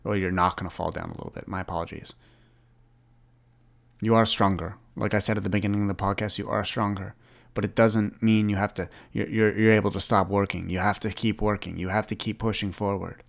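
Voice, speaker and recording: A man's voice: on the low side, level tone, fast, vocal fry, hardly any pauses. A man in his twenties talking earnestly in a rambling solo podcast monologue, often restarting his sentences. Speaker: podcast host.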